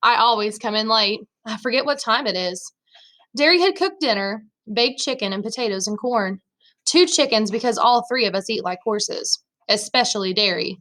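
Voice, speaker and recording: A woman's voice: fairly high pitch, expressive, normal speed, a bit bright. A woman, a teacher, reading a novel chapter aloud in the first person, voicing the dialogue in her own voice.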